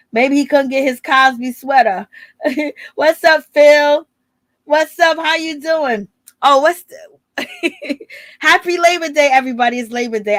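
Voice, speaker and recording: Woman, casual live-stream host, animated, slightly high voice, dry close sound. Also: no room sound. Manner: animated, greets chat viewers, acts out quotes. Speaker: reality TV commentary host.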